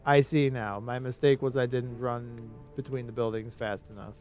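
A man streaming a game, rambling in casual commentary with sudden excited outbursts. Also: medium pitch, moderate pace, soft background music.

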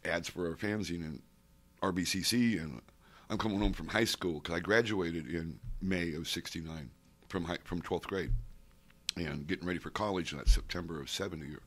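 An older man in his sixties with a low, deep voice, telling stories in an oral-history interview. He wanders from one tangent to the next, stacking asides and restarting sentences as he goes. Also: moderate pace, fairly bright tone. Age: 60s. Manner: digressive, with many asides and restarts. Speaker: interviewee, comics fan and collector. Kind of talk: rambling oral-history storytelling. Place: convention center interview room.

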